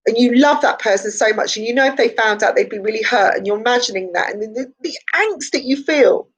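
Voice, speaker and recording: A psychic woman hosts a laid-back morning live stream, her slightly hoarse voice a little high and her pace brisk. Chatty and encouraging, she repeats herself and laughs often, though the audio quality is poor.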